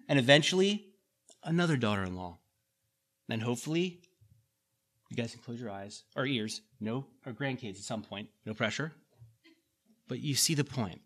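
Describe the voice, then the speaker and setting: A man's voice: medium pitch, lively intonation, measured pace, long pauses, fairly bright tone. A middle-aged man preaching a sermon in a conversational way, repeating key lines and making folksy asides to the congregation. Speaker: pastor.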